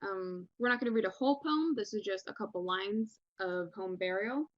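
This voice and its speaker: A woman's voice: mid-range voice, normal speed, dry recording, muffled recording. Casual encouraging woman teacher. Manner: casual, encouraging, many fillers. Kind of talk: recorded online lesson.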